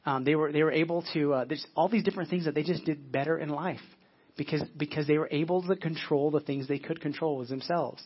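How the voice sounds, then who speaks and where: A man's voice: fairly high pitch, steady tone, fast talker, slightly rough, muffled recording. A man preaching a sermon as pastor, earnest, often repeating words as he searches for them.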